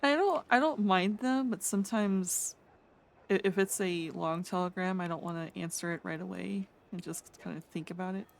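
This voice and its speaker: A woman streamer roleplaying a chatty artist in a game, friendly and quick to laugh. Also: lowish voice, vocal fry. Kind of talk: in-character roleplay chat.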